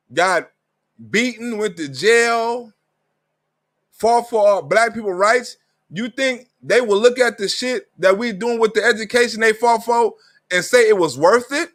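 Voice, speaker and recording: High-voiced man ranting profanely. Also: fairly bright tone. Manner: profane, emphatic street talk. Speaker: live stream host. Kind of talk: ranting monologue.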